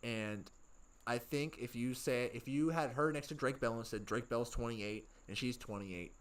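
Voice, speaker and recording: A man's voice: mid-range voice, normal speed. A man co-hosting a casual pop-culture chat, laid-back and swearing constantly. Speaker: co-host. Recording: voice from a distance off the mic.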